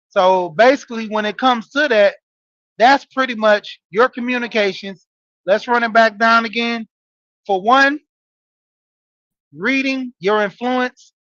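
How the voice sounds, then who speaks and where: A man in his forties with a high voice talks straight to his listeners, telling a story in a loose, casual monologue full of "you know"s. The sound is dry and a little dull, with no room around it. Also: slow pace, long pauses, fairly bright tone, dry recording. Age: 40s. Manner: storytelling, talking straight to listeners with frequent fillers. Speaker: podcast host and wrestling coach. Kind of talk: casual monologue, greeting live chat.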